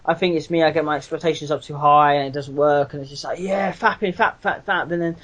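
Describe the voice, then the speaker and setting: A man's voice: fairly high pitch, steady tone, fast, fairly bright tone, poor audio. A man co-hosting a casual wrestling podcast, rambling, swearing and laughing a lot. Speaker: podcast co-host. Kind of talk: casual chat.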